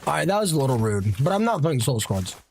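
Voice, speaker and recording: A man's voice: a little high, very animated, fast, creaky, darkish tone, a little hiss or hum. Casual young male game streamer. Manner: casual, swears, chats with viewers. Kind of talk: live gameplay commentary.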